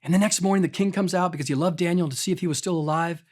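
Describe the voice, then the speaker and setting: A man's voice: high-pitched, racing. A male pastor preaching a sermon in a conversational, emphatic way, often putting direct questions to the congregation.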